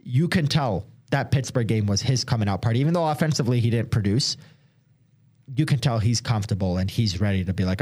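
A man's voice: medium pitch, brisk, darkish tone, breathy edge. Chatty young man, rambling sports talk. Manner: rambling, lots of "like" fillers. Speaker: sports podcast co-host; hockey reporter. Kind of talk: casual chat.

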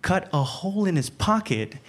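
A high-pitched American man on stage at a comedy club, telling stories in a lively stand-up style. He keeps switching into loud, shrill voices for the people in his stories. Heavy noise from the live room rolls underneath him. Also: normal speed. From United States. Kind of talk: stand-up set.

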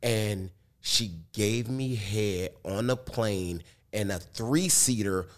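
A man's voice: fairly low pitch, takes it slowly. A man as a guest on a casual interview show, laid-back, laughing easily and talking in loose slang.

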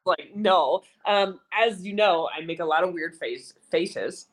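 A woman's voice: on the low side, a little slow. A woman in her thirties, a sports reporter and podcast guest, chatting in a bubbly, self-deprecating way. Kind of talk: casual chat.

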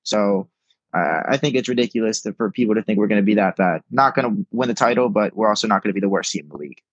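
A man's voice: lowish voice, quick pace, breathy edge, dry recording. A young man as a guest on a sports podcast, speaking emphatically and repeating words as he thinks, heard over a remote call. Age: young adult. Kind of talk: casual sports podcast chat. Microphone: remote call microphone. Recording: dull lo-fi remote call audio.

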